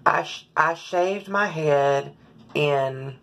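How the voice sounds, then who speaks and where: A woman talking in a personal vlog, slightly hoarse, halting with many fillers and frequent throat clearing. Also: deep voice, a bit bright. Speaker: vlogger.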